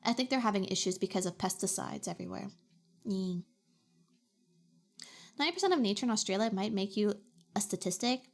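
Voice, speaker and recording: A woman's voice: mid-range voice, lively intonation, fairly quick, vocal fry, long pauses. A young adult woman streamer from Canada, chatting playfully and reacting to her chat. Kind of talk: casual chat.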